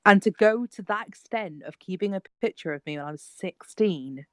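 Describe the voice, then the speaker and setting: A woman's voice: medium pitch, animated, moderate pace, fairly bright tone, dry recording. A young British woman chatting casually in a group livestream, blunt and exclamatory, swearing freely into a phone mic. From United Kingdom.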